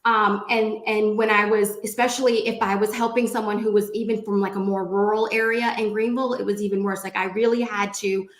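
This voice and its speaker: A woman speaking as a panelist on a video call, animated and chatty, with lots of "like". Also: medium pitch, a little fast, hardly any pauses. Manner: animated and chatty, many likes. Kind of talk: casual panel discussion. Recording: echoey room.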